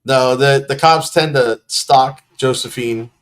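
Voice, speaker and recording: A man's voice: medium pitch, steady tone, takes it slowly, a bit bright. A man hosting a casual live stream, bantering with guests and cracking crude jokes. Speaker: host.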